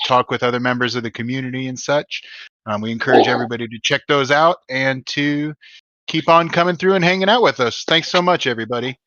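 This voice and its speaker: Dude closing out a video call, muffled lo-fi line, friendly and easy. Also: male voice, mid-range voice, pushed and bright, no echo. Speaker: call co-host. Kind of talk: closing announcements.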